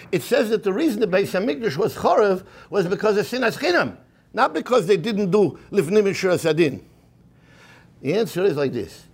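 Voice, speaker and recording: Animated high-voiced man preaching. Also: breathy edge. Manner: animated, acts out the people in his stories; mixes Hebrew and Yiddish terms into English. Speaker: rabbi giving a talk. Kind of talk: storytelling sermon.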